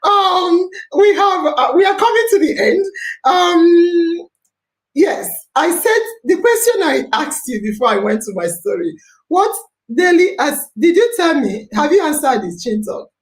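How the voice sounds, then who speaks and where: Nigerian female host, high and very animated, laughing and exclaiming, pidgin mixed in, echoey room. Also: a little slow. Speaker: podcast host. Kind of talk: animated storytelling and live chat. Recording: roomy echo.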